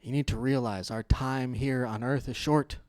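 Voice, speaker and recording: A young adult man preaches in church, easygoing and conversational, mid-range in pitch. He tells stories with frequent laughs and swells into loud, animated retellings. The sound is dry, with little room echo. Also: normal speed. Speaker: pastor. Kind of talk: sermon.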